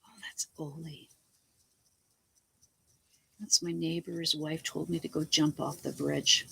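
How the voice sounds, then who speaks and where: A woman's voice: low voice, little pitch movement, takes it slowly, creaky, sharp tone, a little hiss or hum, low-quality recording. A woman vlogging from her home, rambling in a blunt, chatty way and swearing freely as she jumps between topics. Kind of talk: rambling casual home vlog. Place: at home, talking to the camera.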